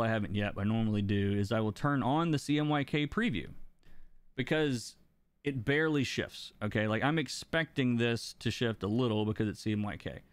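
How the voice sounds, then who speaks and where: A man teaching coloring on a live stream, explaining his ideas in a relaxed way, chuckling now and then and answering questions from chat. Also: mid-range voice, clear, resonant tone, dry recording. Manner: relaxed, explanatory, laughs between points. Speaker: comic book colorist and teacher. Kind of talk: live-stream art lesson, reading chat.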